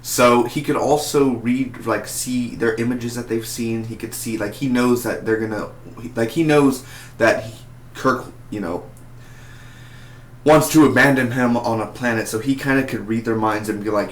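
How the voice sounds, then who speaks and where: A man's voice: mid-range voice, moderate pace, a little hiss or hum. Chatty man rambling in a roomy echo. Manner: rambling and chatty, many fillers and restarts. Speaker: TV episode reviewer. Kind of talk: casual spoken review to camera.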